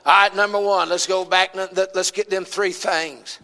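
High, bright-voiced Southern preacher. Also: male voice, little pitch movement, unhurried, few pauses, big-room sound. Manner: folksy, emphatic, calls out to the congregation. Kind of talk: sermon.

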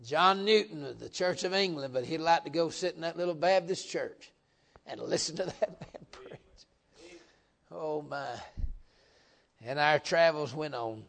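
A middle-aged man preaching a folksy revival sermon, joking with the congregation and swelling into loud emphatic bursts. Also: fairly high pitch, measured pace, vocal fry.

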